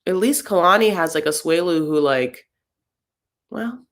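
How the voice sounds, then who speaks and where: A woman's voice: lowish voice, lively intonation, a little slow. A woman giving casual, sarcastic commentary on a reality show, rambling with lots of fillers.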